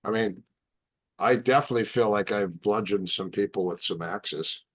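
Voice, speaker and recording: A man with a low voice tells a story, animated and halting. He starts phrases over and repeats words, and he sounds like a podcast guest chatting casually. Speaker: martial arts instructor, podcast guest.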